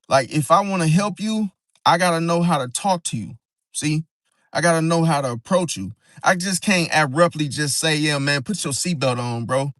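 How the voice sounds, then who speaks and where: A man's voice: a little high, a bit bright, no echo, studio quality. A man in a casual monologue on astrology who talks in slang, rambles, and acts out quoted friends. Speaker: zodiac vlogger.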